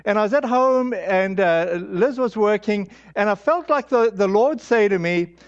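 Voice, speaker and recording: A man with a high voice preaches a storytelling sermon, halting and candid, full of fillers and restarts. The sound is dull and lo-fi, like an old sermon recording. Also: lively intonation. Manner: candid, self-deprecating.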